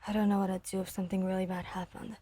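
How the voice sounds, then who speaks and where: A woman voicing an earnest, guilt-ridden young man who apologizes anxiously and rushes his words. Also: mid-range voice, flat delivery, warm tone, slightly rough, lightly acted. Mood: apologetic.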